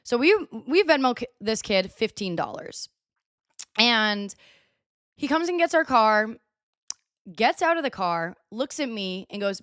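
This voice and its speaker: A young woman hosting a podcast, telling a story in a chatty, animated way with lots of filler words. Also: fairly high pitch, a little slow, long pauses, no room sound, clean studio sound. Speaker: podcast host. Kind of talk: casual storytelling monologue. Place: US (Texas area).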